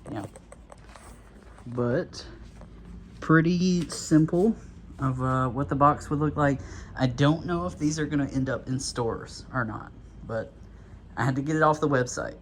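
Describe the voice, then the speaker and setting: A man chats through an unboxing in a loose, rambling way, full of little fillers and restarts. His voice sits at an ordinary middle pitch and sounds slightly out of breath. A faint room hum sits underneath. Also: measured pace, long pauses. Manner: rambling and easygoing, with many fillers. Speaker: toy and prop reviewer. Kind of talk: casual unboxing talk.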